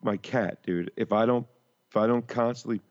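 With a medium pitch, a steady tone, and a moderate pace, this man sounds like the highs have been cut off. He co-hosts a podcast of casual, crude banter, meandering through memories with swearing and sentences that trail off halfway.

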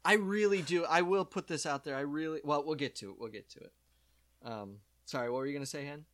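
A man hosting a casual chat, joking and animated as he retells films. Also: fairly high pitch, quick pace. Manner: animated, joking, puts on voices for comic bits. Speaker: podcast host.

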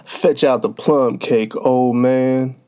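A man's voice: medium pitch, fairly even intonation, slow pace, dark tone, close to an everyday voice. A man voicing a sly, eager male unicorn in a storybook reading. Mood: sly, casual. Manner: dreamy, sly storybook delivery.

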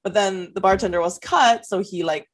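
A woman's voice: mid-range voice, normal speed. Laughing woman telling a bar story. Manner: laughs often while telling animated stories. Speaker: podcast co-host; bartender. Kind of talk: casual chat.

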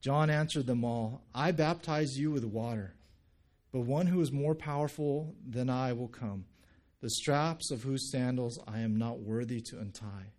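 A man's voice: mid-range voice, a little slow. A pastor delivers a sermon in an ordinary mid-range male voice. He talks animatedly, slipping into the voices of people he describes, then reads scripture in a steadier tone. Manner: animated, acts out quoted reactions.

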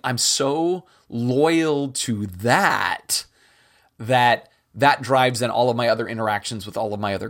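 A man hosting a podcast, speaking earnestly and emphatically about faith in a reflective monologue with repeated phrases. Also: mid-range voice. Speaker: podcast host.

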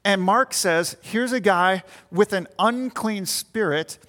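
With a high, fairly bright voice and an unhurried pace, this man delivers a sermon, inviting his congregation to imagine the scene he's describing. It was recorded in a church meeting room full of people, with long reverb from the hall.

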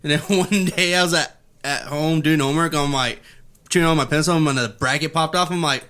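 A male podcast guest with a slightly raised pitch, chatting casually with friends. He tells stories in an easygoing, profane way. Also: fairly quick, a bit bright. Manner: laid-back, profane storytelling. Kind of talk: casual chat.

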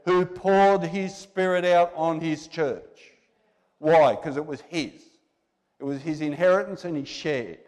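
A man's voice: on the high side, darkish tone. A male preacher delivering a sermon in a church. He talks conversationally, exhorts his listeners and asks them rhetorical questions. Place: church hall. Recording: long reverb in a church hall.

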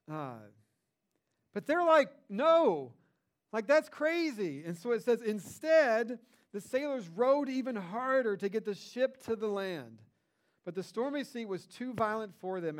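A young man gives a relaxed, talky sermon, acting out lines from the story as he goes. His voice sits a little high for a man, and it climbs higher and louder whenever he drives a point home. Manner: conversational and animated, rises in pitch and volume for emphasis. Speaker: pastor. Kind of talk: casual sermon, retelling a Bible story.

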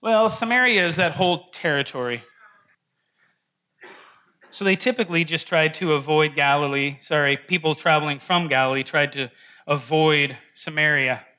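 A man leads a casual Bible study in a church classroom, his voice bright and forceful and sitting a little high. He talks loosely to the group, checks in with questions and often restarts his sentences. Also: moderate pace, clean tone. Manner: conversational, asks the group questions, frequent restarts and "right?". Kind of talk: informal classroom teaching.

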